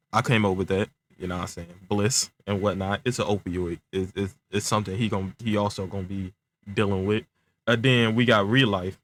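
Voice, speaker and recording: Young male storyteller, low-pitched, relaxed and rambling, slightly stumbling speech from aligners. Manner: laid-back slang, constant filler phrases, stuttering. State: talking around clear aligners. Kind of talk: casual improvised storytelling.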